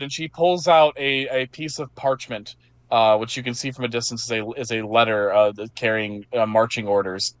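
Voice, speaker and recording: A man's voice: mid-range voice, steady tone, normal speed, no echo. A man narrating as game master of a tabletop game, loose and casual, with frequent fillers.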